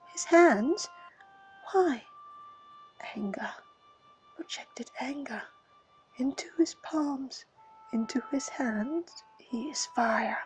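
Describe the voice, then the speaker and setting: A woman reading a fantasy story aloud in a breathy, dramatic whisper. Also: a little high, a little mellow, rough recording. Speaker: reader.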